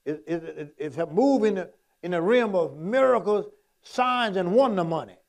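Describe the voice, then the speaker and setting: A man's voice: high-pitched, expressive, normal speed, creaky. A man preaching a sermon in a folksy, repetitive, emphatic way, quoting Scripture.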